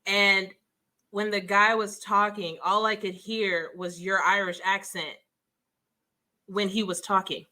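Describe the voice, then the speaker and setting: A woman hosting a book club interview, chatty and quick to laugh, often affirming her guest. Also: mid-range voice, flat delivery, pushed and bright. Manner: chatty, giggly, frequent affirmations. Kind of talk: casual interview chat.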